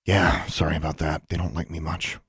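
A man's voice: a bass voice, level tone, fairly quick, fairly bright tone, breathy edge, no room sound, clean studio sound, heavily acted. A man voicing a grieving teenage boy who talks in a casual, teasing way. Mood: wry.

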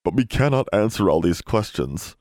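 A man's voice: lowish voice, animated, normal speed, darkish tone, dry recording, studio quality, lightly acted. A man voicing a young male elf who pleads earnestly in broken grammar. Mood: pleading.

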